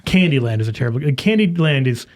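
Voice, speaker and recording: A man's voice: medium pitch, animated, fast, background noise. A man talking as a guest in a casual chat, talkative and self-deprecating.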